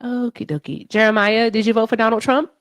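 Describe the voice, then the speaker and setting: A woman's voice: a little high, flat delivery, fairly quick, dry recording, clean studio sound. A woman hosting a livestream, questioning callers in a blunt, teasing way. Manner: blunt, teasing, talks straight to viewers. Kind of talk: casual live-stream chat.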